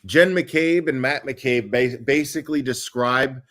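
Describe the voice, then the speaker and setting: A man's voice: medium pitch, measured pace, a bit bright. A male host on a casual livestream, explaining a timeline step by step with frequent ums and uhs.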